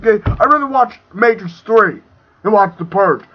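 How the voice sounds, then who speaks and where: A young man ranting angrily about a movie, profane and swinging between shouting and muttering. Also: high-pitched, lively intonation, moderate pace. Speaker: video reviewer. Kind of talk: angry movie rant. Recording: dull lo-fi home recording.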